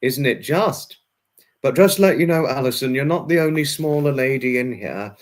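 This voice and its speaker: A man with a voice of middle pitch hosts a livestream and chats with his viewers. He is friendly and repetitive, and he fills his talk with ums and restarts. He reads the chat aloud and answers each viewer in turn. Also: lively intonation, moderate pace. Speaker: livestream host reading chat.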